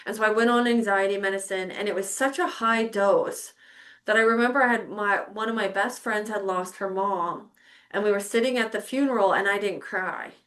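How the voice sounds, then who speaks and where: A middle-aged woman hosts a podcast, speaking at medium pitch and a moderate pace with a slightly bright tone. She tells a personal story in casual chat, candidly swearing as she acts out how she reacted back then.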